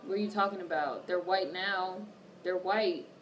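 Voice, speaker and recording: A woman's voice: fairly low pitch, moderate pace. Woman livestreaming from a distant mic. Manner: reads viewer comments aloud and answers them, cursing freely. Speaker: livestream host. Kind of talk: casual livestream chat. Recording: distant mic with faint background noise.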